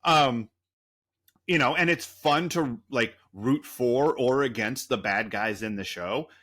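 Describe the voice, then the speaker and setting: A man's voice: medium pitch, takes it slowly, fairly bright tone. A man co-hosting a podcast, rambling through a story in a loose, profane, casual way. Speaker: podcast co-host.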